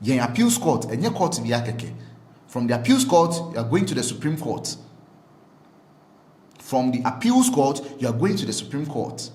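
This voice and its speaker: A man's voice: medium pitch, big pitch swings, moderate pace, a little mellow, echoey room. A man with a Ghanaian accent giving impassioned political commentary, hammering points with repetition and rhetorical questions. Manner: emphatic, repeats phrases, rhetorical questions.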